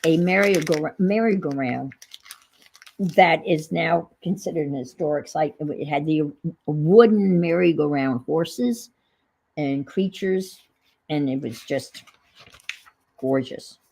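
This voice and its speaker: A woman's voice: sits low, slow, creaky, long pauses, darkish tone, slightly rough, poor audio. A middle-aged woman with a New England accent, chatting casually on a livestream, reminiscing and reading viewer comments aloud. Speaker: livestream host.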